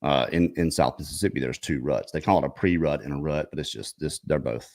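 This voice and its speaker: A male show host in casual storytelling chat, rambling with restarts and clearing his throat often. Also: extremely low pitch, fairly quick, darkish tone.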